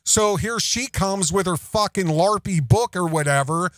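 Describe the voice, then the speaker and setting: A man's voice: high voice, animated, unhurried, sharp tone, dry recording, studio quality. A man hosting a commentary show, ranting in a sarcastic, mocking way with lots of swearing.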